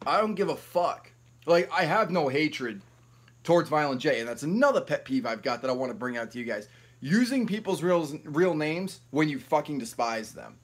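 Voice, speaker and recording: A man's voice: mid-range voice, slightly rough. A man hosting a live stream, ranting in a rambling, profane, heated way.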